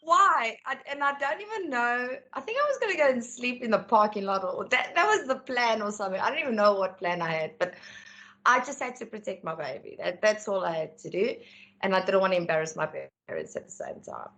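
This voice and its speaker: A woman telling her life story as an interview guest, candid and animated when she acts out dialogue. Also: medium pitch, fairly quick. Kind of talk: personal storytelling.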